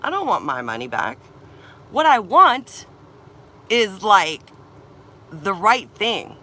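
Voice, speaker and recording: A woman's voice: medium pitch, big pitch swings, slow, pushed and bright. A young woman venting in a vlog, upset and tearful, swearing and repeating herself. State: tearful and agitated. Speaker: vlogger. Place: camper van or campsite.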